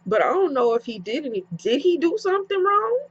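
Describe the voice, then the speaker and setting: A young woman vlogger telling a personal story in a casual, animated way, slipping into slang and acting out both sides of the conversation. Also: high-pitched, brisk. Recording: dull lo-fi home recording.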